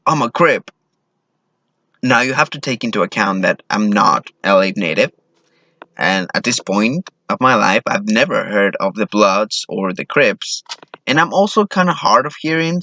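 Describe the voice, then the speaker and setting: A Mexican man performs a personal story on stage, mocking himself and voicing the people he quotes. He has a lowish, bright and forceful voice with no echo, and the recording itself is dull and lo-fi.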